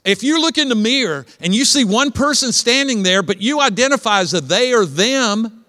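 A man's voice: extremely high pitch, lively intonation, moderate pace, bright, forceful tone, in a large hall. A man preaching a sermon as pastor, chatty, throwing questions at the congregation. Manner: conversational, asks the congregation questions.

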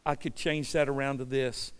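A man preaching a passionate sermon as pastor, swinging from loud, urgent declarations down to low, quiet storytelling. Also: level tone, moderate pace, clean tone, big-room sound. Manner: passionate, rising to near-shouting then dropping low. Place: church sanctuary.

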